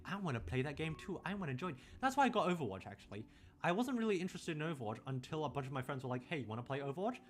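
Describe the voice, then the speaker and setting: A man's voice: medium pitch, a bit bright. Rambling young Australian man. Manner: rambling, drifts into tangents, swears casually. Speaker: streamer. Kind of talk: casual late-night chat.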